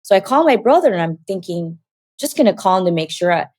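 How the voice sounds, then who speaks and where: A woman telling a personal story as an interview guest, animated and acting out quoted dialogue. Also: lowish voice, fast, no echo.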